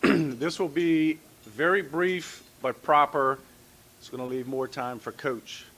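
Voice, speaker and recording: Slow, bright South Louisiana man. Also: fairly high pitch, steady tone, low-quality recording. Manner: slow, building to a showy introduction. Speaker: club member introducing the speaker. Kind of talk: speaker introduction.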